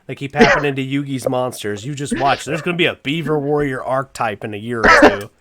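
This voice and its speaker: A man with a Southern US accent hosting a casual chat, animated and rambling, quick to laugh. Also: medium pitch, a crowd in the background. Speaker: host.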